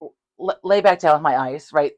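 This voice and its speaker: A woman co-hosting a casual podcast spins a story full of swearing, animatedly acting out both sides of each exchange. Her low voice keeps a moderate pace, and the audio is dull.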